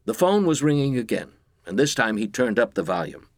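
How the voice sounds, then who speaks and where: A man reading a comic story aloud in scripted narration with a deadpan, expressive delivery. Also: mid-range voice, brisk, gravelly, no echo.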